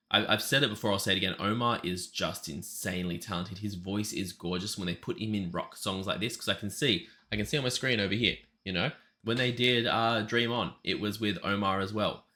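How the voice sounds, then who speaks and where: A man's voice: fairly low pitch, bright, forceful tone. A man hosting a music reaction video, talking casually and gushing with enthusiasm. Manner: gushing, enthusiastic, chatty with fillers.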